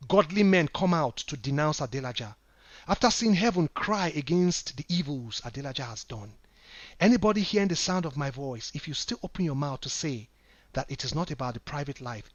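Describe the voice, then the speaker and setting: A man preaching online to his brethren, moving between hushed remarks and indignant rebukes. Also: a little high, dry recording. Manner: preachy, addresses listeners as brethren, swings from hushed to shouting. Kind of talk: impassioned religious commentary.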